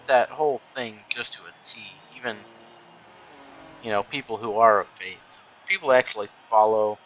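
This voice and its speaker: A man's voice: on the low side, fairly bright tone, a little hiss or hum, poor audio. A man giving casual, rambling commentary while playing a racing game, full of ums and restarts. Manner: rambling, many fillers and restarts. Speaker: gaming YouTuber.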